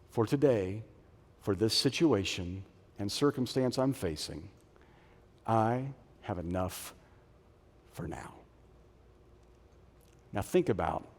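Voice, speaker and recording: A middle-aged man preaching a sermon as a pastor, animated, moving between loud punchy lines and soft low phrases. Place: church auditorium. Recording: long reverb of a large hall.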